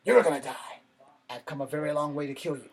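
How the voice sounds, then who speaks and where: A man's voice: on the high side, steady tone, fairly quick, gravelly. A man putting on a stiff dubbed kung fu fighter. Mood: menacing. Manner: stilted, overly formal menace. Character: stiff dubbed martial-arts movie fighter, threatening.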